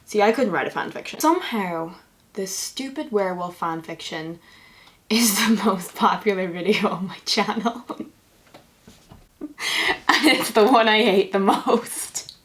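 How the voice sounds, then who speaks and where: A woman's voice: medium pitch, a little slow, long pauses, a bit bright. A young woman who reads fan fiction aloud, mocking it with sarcastic asides and breaking into laughter often. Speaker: YouTuber.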